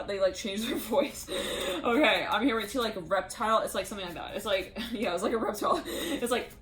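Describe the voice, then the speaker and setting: A woman's voice: on the low side, fast, few pauses, fairly bright tone, a little hiss or hum. A woman giving a channeled tarot reading, rambling and laughing as she acts out the voices she says she hears. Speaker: tarot reader.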